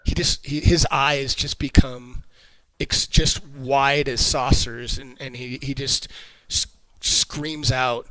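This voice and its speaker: A man running a tabletop game as game master, narrating in loose, halting, conversational bursts. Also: medium pitch, fairly even intonation, fairly bright tone, dry recording, rough recording.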